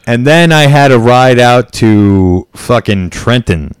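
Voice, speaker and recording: A man's voice: mid-range voice, expressive, slow, clear, resonant tone, no room sound. A man from the US co-hosting a podcast, telling stories in a profane, rambling way. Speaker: podcast co-host. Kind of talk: casual chat.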